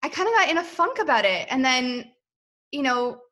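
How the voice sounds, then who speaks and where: Bright-voiced chatty woman guest. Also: high-pitched, very animated, moderate pace. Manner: chatty, self-deprecating, laughs often, many fillers. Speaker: podcast guest, boutique owner. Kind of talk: casual interview chat.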